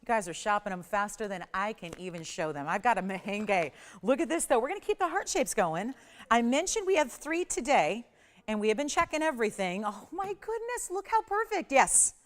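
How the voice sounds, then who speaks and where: A woman's voice: medium pitch, animated, brisk. Woman, middle-aged, shopping channel host, chatty, gushing, upbeat sales talk, studio. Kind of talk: live TV jewelry selling.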